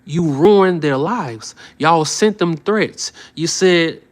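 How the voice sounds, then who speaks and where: A man's voice: on the high side, slow pace. A man commenting on the news on a live stream, heated and preachy, who often repeats short phrases for emphasis.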